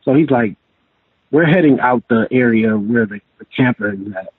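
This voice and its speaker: A man telling his own story in a casual interview, rambling and halting, with many restarts and fillers. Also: mid-range voice, breathy edge, no echo. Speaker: guest telling his encounter. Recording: tinny phone line.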